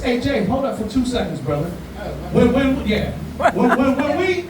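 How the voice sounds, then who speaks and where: A man hosting a live community event, talking casually to the crowd in a profane, joking, animated way. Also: high-pitched, moderate pace. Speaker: event host. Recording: very echoey room, far from mic, audible background noise.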